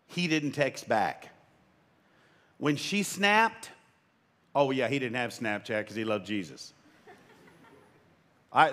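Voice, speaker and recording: Fairly high-pitched, a pastor in his fifties preaches emphatically but conversationally, dropping in jokes. Every so often his voice jumps up in a sudden excited burst.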